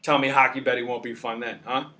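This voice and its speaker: Brash, bright-voiced man hosting. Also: mid-range voice, little pitch movement, fast talker. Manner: brash, emphatic, salesman-like. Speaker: sports betting show host. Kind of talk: casual sports betting talk.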